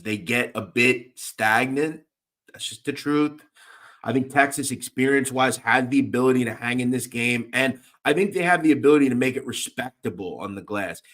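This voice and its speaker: Going over basketball betting picks, a young man who hosts a sports betting radio show keeps things loose and lively, riffing between games and giving shout-outs to chat viewers. His voice has a normal mid-range pitch, and his casual talk is packed with fillers.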